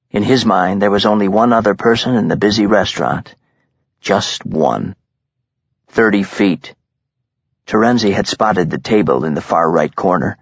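A man reading a crime story as an audiobook narrator, in a measured, tense style. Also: deep voice, slightly rough, no room sound. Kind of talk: scripted dramatic narration. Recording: dull lo-fi recording.

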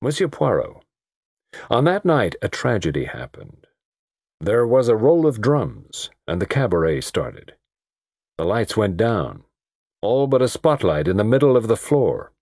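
A man's voice: fairly low pitch, big pitch swings, unhurried, a little mellow, dry recording, studio quality, exaggerated voice. A man voicing a brooding, insistent host. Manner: intense and emphatic. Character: brooding, determined middle-aged male host.

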